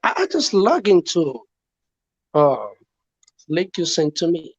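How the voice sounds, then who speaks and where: A man's voice: fairly high pitch, big pitch swings, slow pace, husky, no room sound, dull audio. A man with a Nigerian English accent, calling in to a chat stream, giving hesitant, brief answers with fillers. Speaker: caller. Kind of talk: casual call-in chat. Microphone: online call.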